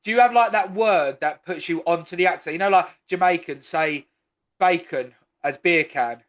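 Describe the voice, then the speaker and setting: A podcast host, a man with a high-pitched voice, talks in a loose, rambling way and swears freely. His banter with his guest feels relaxed and offhand. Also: a little fast. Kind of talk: casual podcast chat.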